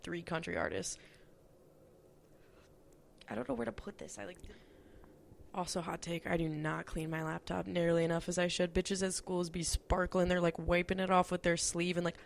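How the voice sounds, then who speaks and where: A woman's voice: on the low side, creaky, slight background noise. A young woman hosting a podcast, telling stories in a chatty, casual way, swearing freely and saying "like" a lot. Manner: chatty, profane, lots of "like". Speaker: podcast host. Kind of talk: casual storytelling monologue.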